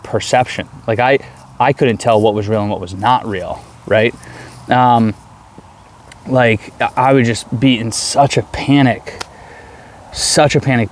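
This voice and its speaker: Guy in his 30s rambling earnestly into his vlog, keeps restarting, faint street noise behind. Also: medium pitch. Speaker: vlogger. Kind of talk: personal video diary.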